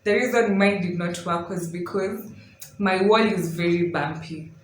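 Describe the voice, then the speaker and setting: A woman from Kenya chatting casually through a home DIY vlog, excitable and laughing at her own mess. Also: lowish voice, measured pace, a little hiss or hum. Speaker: DIY vlogger. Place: indoor room at home. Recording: roomy home audio with faint background.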